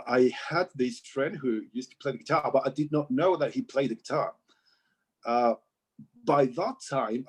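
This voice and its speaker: Relaxed Mexican man with faintly British English. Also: medium pitch. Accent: slightly British-sounding English. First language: Spanish. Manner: relaxed, hesitant with many fillers. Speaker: musician and composer, guest. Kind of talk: casual interview chat.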